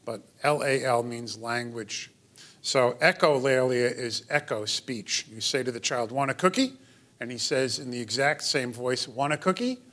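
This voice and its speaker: A man's voice: medium pitch, steady tone, measured pace, fairly bright tone. A middle-aged man giving a lecture in a hall as a pediatrician, explanatory with wry asides. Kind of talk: lecture to an audience.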